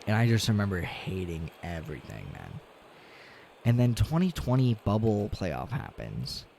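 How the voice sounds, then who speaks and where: Man, low voice, casual game stream rant, swearing, faint room noise. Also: wildly swooping pitch, normal speed, creaky. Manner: ranting, swearing, swings from low mutters to loud outbursts. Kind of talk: casual gaming stream chat.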